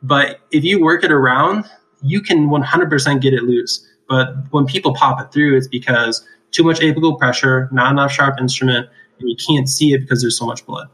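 A man's voice: medium pitch, fairly even intonation, moderate pace, fairly bright tone, rough recording. A man who works as an oral surgeon, explaining extraction cases in a casual chat, laughing often and tagging his points with "right?". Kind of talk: casual clinical discussion.

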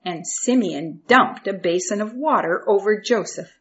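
Calm woman narrator for a children's Bible story, slow-paced, lo-fi muffled recording. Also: medium pitch. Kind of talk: reading a Bible story aloud.

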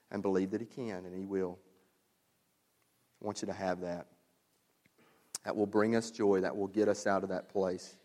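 Man, pastor, low voice, earnest sermon, exhorting, long church reverb. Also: flat delivery, normal speed, long pauses, a little mellow. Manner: earnest, exhorting, repeats key phrases. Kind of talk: sermon with closing prayer. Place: church sanctuary.

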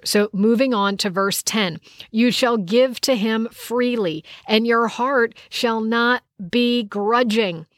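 A woman's voice: fairly high pitch, takes it slowly, no room sound, studio quality. A woman teaching a Bible study lesson, reading verses aloud and explaining them in an emphatic, conversational way.

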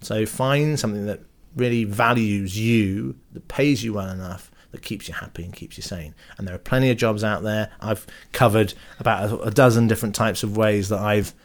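A man's voice: fairly low pitch, moderate pace. A man, an actor and podcast guest, chatting casually and telling stories with self-deprecating jokes.

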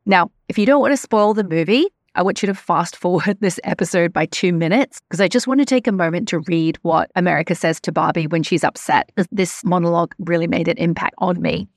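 A woman hosts a solo podcast in a low, steady voice. She talks earnestly and reflectively at a measured pace. The recording is dry and close, with no room sound. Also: dry recording. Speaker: podcast host.

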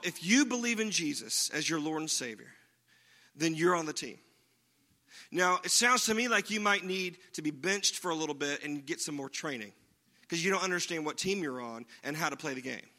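High, sharp-voiced male preacher. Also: moderate pace. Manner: conversational, frequent rhetorical "right?" checks with the listeners. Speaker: pastor. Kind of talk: sermon.

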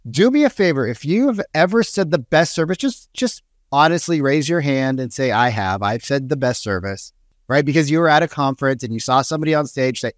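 A man's voice: a little high, lively intonation, fast, hardly any pauses, dry recording, clean studio sound. A man giving a direct, emphatic sales coaching talk and acting out quoted voices. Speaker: sales trainer.

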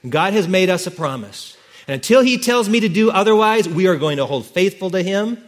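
A man's voice: high voice, expressive, fairly quick, voice pushed up. A man voicing a flustered ancient husband, eager to please his wife and talking in an exasperated, coaxing way.

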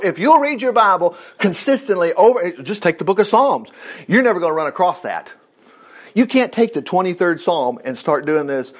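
A middle-aged man preaching, animated and chatty, acting out Bible characters in voices. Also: a little high, fairly quick. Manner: animated, acts out lines in character voices, chuckles. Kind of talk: sermon retelling a Bible story.

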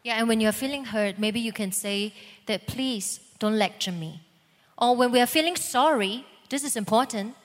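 A woman teaching calmly about marriage alongside a preacher. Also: fairly high pitch, a little fast. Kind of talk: sermon teaching. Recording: long hall reverb.

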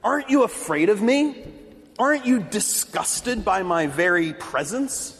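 A man's voice: sits high, animated, unhurried, a bit bright, exaggerated voice. A man voicing an ashamed tax collector who pleads that he is unworthy. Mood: pleading. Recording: long hall reverb.

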